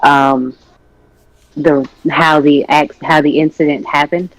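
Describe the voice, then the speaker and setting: A man with a slightly high voice retells a story during a casual podcast chat. His telling is loose and slangy, moving step by step through what happened. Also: flat delivery, takes it slowly, poor audio.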